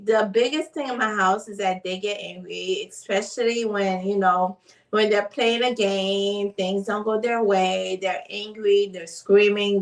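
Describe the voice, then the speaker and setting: A woman's voice: mid-range voice, a bit bright, far from the mic, poor audio. A woman, a mother, talking casually and earnestly to the camera with lots of "like" and "you know". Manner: unhurried, earnest, many fillers like "like" and "you know". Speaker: mother vlogger.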